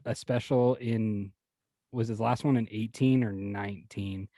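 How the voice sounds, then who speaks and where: A man's voice: fairly low pitch, steady tone, measured pace, warm tone, no room sound. A man chatting as a guest on a podcast, rambling and swearing casually, laughing often.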